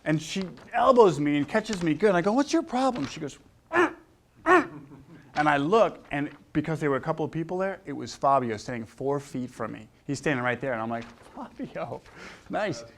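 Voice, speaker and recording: A man's voice: fairly high pitch, normal speed. A man in his sixties, a chiropractor, telling personal stories to a live audience, acting out quoted voices and throwing questions to the crowd. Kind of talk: anecdotal talk to a live audience.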